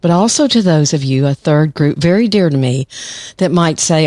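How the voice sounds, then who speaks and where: A woman's voice: low-pitched, animated, normal speed, dark tone, no room sound. A woman in her sixties, a psychologist who hosts a podcast, speaking in a chatty monologue with light laughs. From United States. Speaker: podcast host, clinical psychologist.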